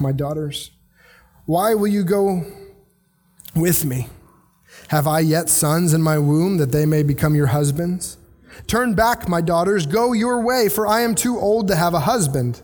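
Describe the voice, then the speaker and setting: Guy preaching a laid-back sermon, kinda high voice, big echoey hall. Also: a little slow, pauses often. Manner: casual, conversational preaching with animated paraphrases. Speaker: pastor.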